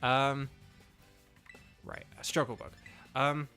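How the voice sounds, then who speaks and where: A man's voice: medium pitch, little pitch movement, takes it slowly, sharp tone, faint music behind. A man with a Northern Irish accent giving casual let's-play commentary, rambling with lots of fillers and restarts. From Northern Ireland. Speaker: gaming YouTuber and voice actor.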